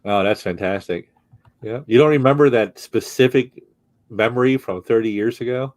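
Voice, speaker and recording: A man's voice: medium pitch, normal speed, a little mellow, no room sound. Man host asking questions, dry sound. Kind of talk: casual interview chat.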